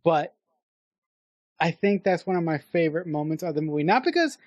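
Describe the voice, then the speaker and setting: A woman's voice: deep voice, expressive, brisk, a little mellow, dry recording, lo-fi sound. A woman co-hosting a podcast, chatting casually about a film, hesitant and rambling with many restarts. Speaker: podcast co-host. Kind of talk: casual movie chat.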